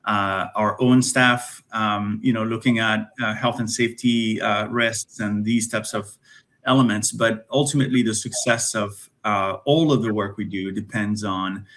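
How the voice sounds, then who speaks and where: Panelist, male, low voice, halting with repeated words, video call. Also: fairly even intonation, fairly bright tone. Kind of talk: webinar panel talk.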